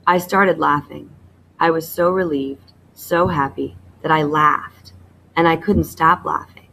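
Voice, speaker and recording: A woman teacher reading a novel aloud to her class in a plain, even manner, stopping to explain a writing task. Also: low voice, measured pace, gravelly, slight background noise, rough recording.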